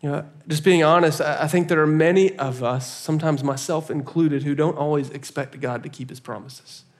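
A pastor preaching a sermon, telling a story in an animated way and laughing often. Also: male voice, fairly high pitch, normal speed.

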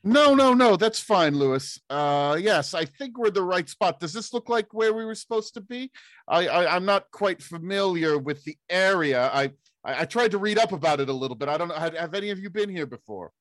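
A man's voice: high voice, animated, brisk, fairly bright tone, no echo, studio quality. A man voicing a fussy male professor and surgeon who stammers when flustered.

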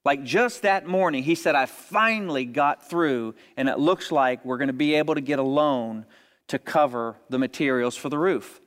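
A man's voice: mid-range voice, moderate pace, a bit bright. A man preaching a sermon, telling a story in a conversational way and rising to emphatic exhortation. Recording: long reverb of a large hall.

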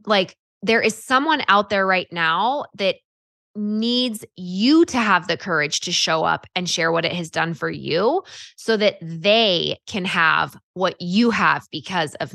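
A woman coaching direct sellers in a chatty, animated way, acting out example scripts as she goes. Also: on the low side, moderate pace, creaky, dry recording, studio quality. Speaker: sales coach. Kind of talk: coaching talk on social selling.

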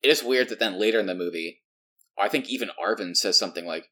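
A man co-hosting a casual movie podcast, talking in an animated way and laughing often. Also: fairly low pitch, fast. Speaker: podcast co-host.

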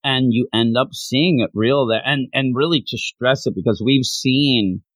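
Rambling husky-voiced man chatting. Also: medium pitch, unhurried, no echo. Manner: rambling, animated, jumps between tangents. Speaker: podcast co-host. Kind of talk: casual chat.

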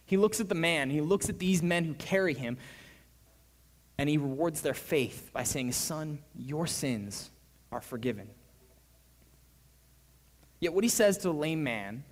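A man preaching a sermon as pastor, animated, his voice swinging between hushed and loud. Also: on the high side. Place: church. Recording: reverberant church hall.

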